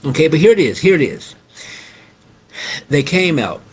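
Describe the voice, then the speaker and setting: A man's voice: fairly high pitch, big pitch swings, normal speed, slightly rough. Repetitive storytelling middle-aged man. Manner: repeats phrases, keeps addressing listeners as guys. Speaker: host. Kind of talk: casual storytelling monologue.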